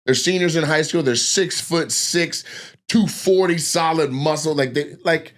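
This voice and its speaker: A man with a slightly high voice talks through a casual chat. He swears freely and tells stories with energy, slipping into the voices of people he is quoting. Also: a little slow. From Lacey, Washington. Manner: animated, profane, acts out quoted voices. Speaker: comedian guest.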